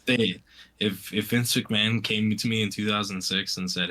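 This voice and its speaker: A man's voice: low voice, level tone, moderate pace, pushed and bright. A man co-hosting a casual wrestling podcast, wry and sarcastic, swearing casually as he picks apart the booking. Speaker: podcast co-host. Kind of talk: casual wrestling recap chat.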